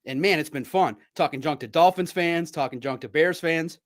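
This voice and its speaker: A man hosts a sports podcast, chatting casually at normal speed. He banters playfully and trades friendly trash talk, jumping from loud bursts to low asides.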